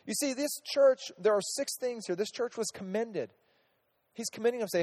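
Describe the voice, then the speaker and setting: High, mellow-voiced man teaching Scripture. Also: moderate pace, in a large hall. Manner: chatty, asks the group questions, many restarts. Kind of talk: casual Bible teaching.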